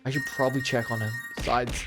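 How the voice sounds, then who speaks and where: A man's voice: medium pitch, flat delivery, quick pace, music in the background, lightly acted. An actor playing a young male game protagonist who narrates his own thoughts in a matter-of-fact way. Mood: thoughtful.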